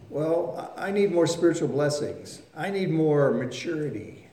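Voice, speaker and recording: Folksy preacher in a very echoey room. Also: male voice, fairly high pitch, animated, measured pace, dark tone. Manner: folksy storytelling, acts out voices and sounds. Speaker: pastor. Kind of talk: sermon.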